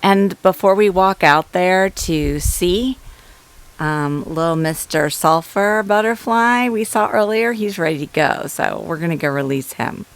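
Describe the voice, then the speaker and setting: A woman talks her viewers through her garden with chatty, easy excitement. Her voice sits a touch low and she takes her time with each thought. It sounds like a phone held at arm's length outdoors. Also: a little slow, clear, resonant tone. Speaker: gardening vlogger. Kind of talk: casual garden walkthrough.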